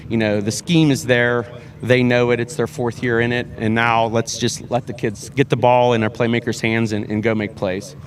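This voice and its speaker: This is a high school football head coach in a sports interview, talking with earnest sincerity. He keeps repeating words and restarting sentences with fillers.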